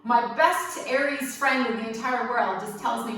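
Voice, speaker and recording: Playful yoga teacher in an echoey room. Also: female voice, fairly high pitch, measured pace, slight background noise. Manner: gentle, playful, encouraging with light jokes. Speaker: yoga instructor. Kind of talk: guided yoga class. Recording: very echoey room, mic at a distance.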